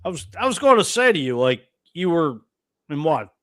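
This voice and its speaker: A man's voice: on the high side, sing-song, moderate pace, a bit bright. A man hosting a casual interview, giving short responses and asking easygoing questions. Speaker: host.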